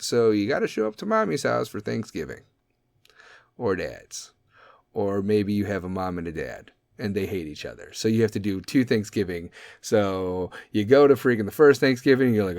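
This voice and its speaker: A man hosting a podcast, ranting comedically in a profane, animated way. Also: mid-range voice, creaky, no room sound, clean studio sound. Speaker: podcast host. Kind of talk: comedic rant.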